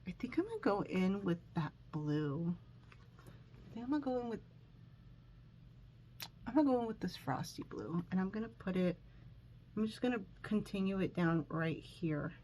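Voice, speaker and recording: A woman's voice: medium pitch, animated, normal speed, pauses often, dark tone, slight background noise, rough recording. A woman chatting while doing her makeup at home, recording on her phone. She rambles with lots of fillers, sounds a bit nervous, and is sniffling from allergies. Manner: rambling and self-conscious, with many fillers and restarts. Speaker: makeup vlogger. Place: room at home.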